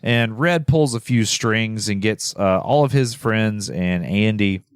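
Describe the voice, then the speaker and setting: A man co-hosting a podcast talks through a film's plot in a relaxed, rambling way, dotting his speech with "uh" and "um." His voice sits on the low side. The close microphone sounds dry, with no room echo. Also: a little slow, clean tone. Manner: rambling with many fillers and laughs. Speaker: podcast co-host. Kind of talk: casual film recap chat.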